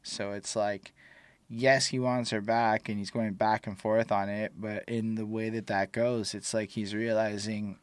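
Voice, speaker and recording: A man's voice: fairly low pitch, level tone, moderate pace, dry recording. A young man co-hosting a casual music review chat, rambling loosely with lots of filler words. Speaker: podcast co-host reviewing music.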